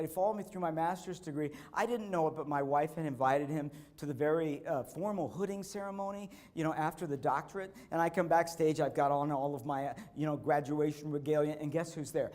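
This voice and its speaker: Keynote speaker, man, higher-pitched, lively storyteller who repeats lines for effect and acts out quotes. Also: fairly quick, hardly any pauses. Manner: animated storytelling, repeating key phrases; acts out quotes, bursting into shouts. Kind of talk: motivational conference speech with personal stories. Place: conference stage.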